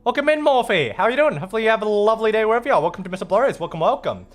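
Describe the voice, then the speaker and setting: A man's voice: sits high, big pitch swings, rapid-fire. A man with an Australian accent streaming, chatting casually and playfully as he reads out viewer messages, rambling and swearing now and then.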